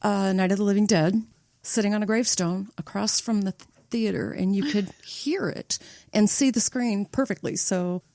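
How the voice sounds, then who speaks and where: A woman's voice: mid-range voice, moderate pace, vocal fry, warm tone, no echo, studio quality. A woman screenwriter from Nebraska, a podcast guest, talking bluntly and emphatically and swearing for emphasis. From United States (Nebraska). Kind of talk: casual podcast chat.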